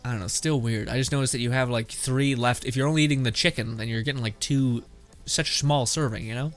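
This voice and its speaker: A man's voice: medium pitch, steady tone, fast talker, faint music behind. A man streaming his reactions to memes in a casual, blunt, swear-filled way, laughing often. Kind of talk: casual commentary.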